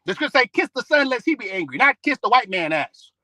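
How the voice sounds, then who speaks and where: A man with a very high, piercing voice scolds his listeners in a profane religious rant, mixing street talk with quoted scripture. His tone stays bright and edgy, and the recording is dry and close with almost no room sound. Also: big pitch swings, fast talker, dry recording, rough recording. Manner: scolding, peppered with "man" and "bro"; quotes scripture between outbursts. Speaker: online religious preacher.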